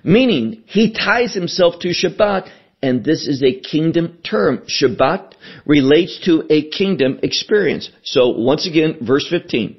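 Slow, emphatic husky male preacher. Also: fairly high pitch, expressive, dull audio. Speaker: pastor. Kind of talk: sermon.

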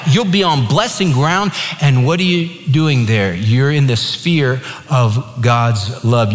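A man's voice: a little high, in a large hall. A man preaching a sermon as pastor, emphatic and conversational, telling stories along the way.

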